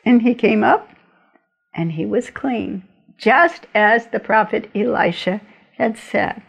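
Animated woman retelling a Bible story. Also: on the high side, slow, vocal fry, breathy edge. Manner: lively, animated storytelling with asides. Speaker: Bible teacher.

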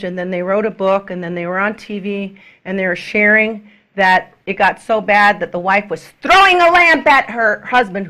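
A middle-aged woman minister preaching to a congregation in an animated way, acting out quoted people and sometimes dropping to a soft whisper. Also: medium pitch.

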